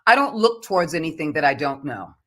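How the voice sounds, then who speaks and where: Bright-voiced woman, earnest and reflective. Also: low-pitched, sing-song, quick pace. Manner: earnest, reflective, speaks of faith. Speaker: voice actor guest. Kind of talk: podcast interview.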